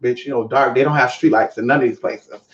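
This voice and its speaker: A speaker casually telling a story to viewers, lively and profane, acting out the other people's voices. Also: mid-range voice, quick pace. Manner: animated, swears often, acts out other voices. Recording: muffled, echoey room.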